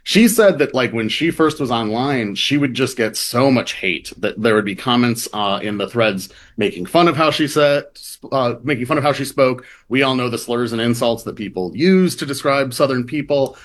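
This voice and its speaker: Man, midwestern-raised, reporter guest, relaxed chatty tone, frequent fillers, mid pitch. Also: normal speed, few pauses. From American Midwest. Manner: casual, many fillers and hedges like "like" and "um". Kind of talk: conversational interview.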